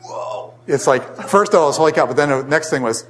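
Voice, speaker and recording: Older man teaching a lively Bible class. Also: fairly high pitch, fast talker. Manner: animated storyteller, asks the class questions. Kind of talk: casual classroom Bible lesson.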